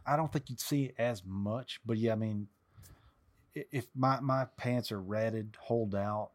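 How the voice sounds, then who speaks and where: Low-voiced man telling history anecdotes. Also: a little slow. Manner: rambling, anecdotal. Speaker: co-host, history buff. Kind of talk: casual podcast chat.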